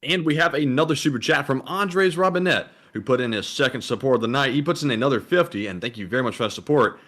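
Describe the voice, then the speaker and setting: A man co-hosting a casual livestream chat, reading viewer donation messages aloud in a relaxed manner. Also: mid-range voice, quick pace.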